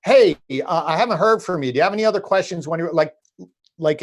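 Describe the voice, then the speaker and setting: A man co-hosting a casual talk about car sales, lively and anecdotal, acting out conversations with customers. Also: a little high. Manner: animated storyteller, acts out dialogues with customers. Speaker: co-host. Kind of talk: casual podcast discussion.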